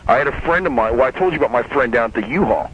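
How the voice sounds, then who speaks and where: In casual chat, a man tells a long, heated story that's profane and rambling, often restarting his sentences. His medium-pitched voice is expressive and very fast. The lo-fi recording sounds dull, with a little hiss or hum.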